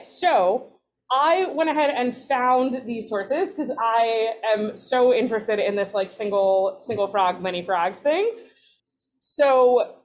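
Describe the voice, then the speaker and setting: A woman leads a relaxed study session, her voice sitting a little high. She talks in a chatty way, correcting herself mid-sentence and dropping in playful asides. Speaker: rabbinic resident teaching a text study. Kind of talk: casual text study teaching.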